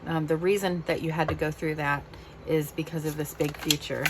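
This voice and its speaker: Emotional woman reading tarot, low-pitched. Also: fairly even intonation, normal speed, noisy background. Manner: emotional, heartfelt. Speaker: tarot reader.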